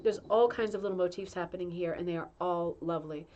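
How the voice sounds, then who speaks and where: A woman's voice: lowish voice, fast talker, a little mellow, highs cut off, a little hiss or hum. A middle-aged woman hosting a casual livestream, reading a magazine aloud with chatty asides, in an indoor room. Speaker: show host reading a magazine. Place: indoor room with a humming heater.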